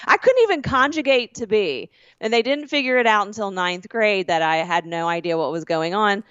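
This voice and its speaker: A woman's voice: medium pitch, animated, moderate pace, fairly bright tone, smooth, no room sound, muffled recording. A woman co-hosting a podcast, telling a rambling school story in casual chat and correcting herself as she goes. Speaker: podcast co-host.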